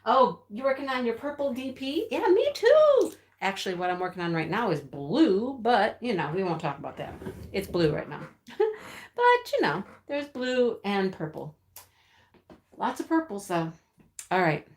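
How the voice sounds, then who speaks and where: A woman's voice: mid-range voice, sing-song, moderate pace, slight background noise. Chatty woman greeting her live viewers. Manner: chatty, greets viewers one by one, laughs often. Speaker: livestream host. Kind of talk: casual live-stream chat. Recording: echoey room, own speakers feeding back.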